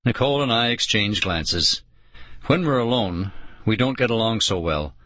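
A man giving a scripted narration of a children's audiobook, expressive and doing voices for each character. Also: on the low side, normal speed, no echo.

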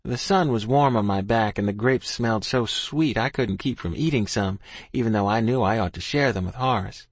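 A man's voice: fairly low pitch, moderate pace, no room sound. A man narrating a first-person story in a folksy rural dialect. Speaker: audiobook narrator.

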